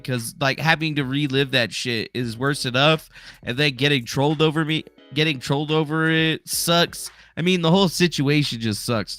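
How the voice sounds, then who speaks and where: A man hosts a casual livestream while stoned, rambling loosely and swearing freely. His voice sits a little high and sounds bright and forward. Faint music plays behind him. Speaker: livestream host.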